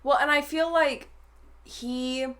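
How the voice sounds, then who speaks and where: A woman's voice: high-pitched, slow. A young woman hosting a casual movie review chat, retelling scenes with laughter. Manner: animated, laughing retelling, acts out quotes.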